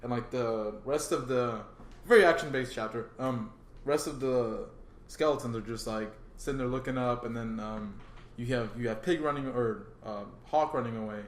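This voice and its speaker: A man's voice: mid-range voice, normal speed, roomy sound, slight background noise. A man co-hosting a podcast who chimes in often and agrees easily, talking loosely about a comic chapter. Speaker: podcast co-host. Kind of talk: casual chat about a manga chapter.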